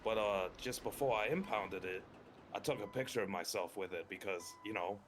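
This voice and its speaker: A man's voice: lowish voice, brisk, slight background noise. A man streaming a roleplay game, telling a rambling, profane story in casual chat with lots of fillers. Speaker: streamer playing a tow truck driver.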